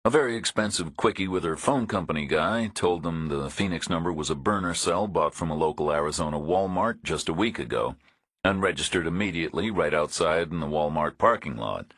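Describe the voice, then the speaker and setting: A man reading a crime thriller audiobook in a steady, even storytelling delivery. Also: rumbling low, a little fast, slightly rough, no echo, clean studio sound. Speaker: audiobook narrator. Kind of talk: scripted audiobook narration.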